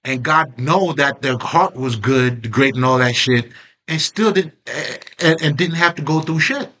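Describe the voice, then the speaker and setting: Emphatic, bright-voiced man venting. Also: medium pitch, measured pace. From Haitian background. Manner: emphatic, swearing, rhetorical questions. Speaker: self-growth vlogger. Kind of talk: casual spoken monologue.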